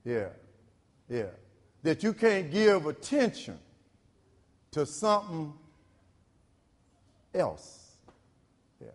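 A man's voice: lively intonation, slow pace, long pauses. Preaching man in an echoing church. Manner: call-and-response preaching, repeats phrases, swings from loud to low. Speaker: pastor. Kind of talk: sermon.

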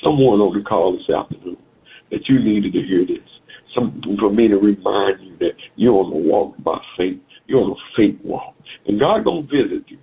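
Gravelly preacher over a phone line. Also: male voice, on the low side, lively intonation, normal speed. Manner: repetitive, exhorting, sing-song preaching cadence. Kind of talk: sermon over a phone call.

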